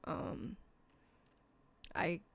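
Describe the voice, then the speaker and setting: A woman's voice: very slow, a bit bright. A woman hosting a solo podcast, talking bluntly and earnestly to her listeners, casual and emotional, with some swearing. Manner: emotional, sincere appeals to listeners. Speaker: podcast host. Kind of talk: heartfelt solo podcast talk.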